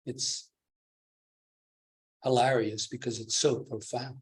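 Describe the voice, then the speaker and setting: A man's voice: mid-range voice, measured pace. A man teaching at a meditation retreat, giving a dharma talk with frequent chuckles and questions to his listeners. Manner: chuckling, keeps asking the listeners "do you see?".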